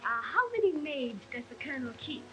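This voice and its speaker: A high gushy posh lady, old-timey film comedy, bright and sing-song. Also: big pitch swings, brisk, slight background noise, exaggerated voice, low-quality recording. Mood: gushing. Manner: gushing, refined, theatrical. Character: gushing genteel lady renting a house. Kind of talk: 1930s film comedy acting.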